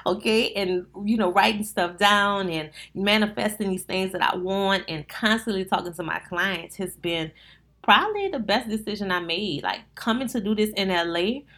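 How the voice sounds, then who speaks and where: A woman with a New Orleans accent hosts a casual solo podcast as a wedding planner. She talks in an animated, down-to-earth way and addresses her listeners directly. Her voice sits in a middle pitch range. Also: normal speed. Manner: chatty, animated, talks straight to listeners with "y'all".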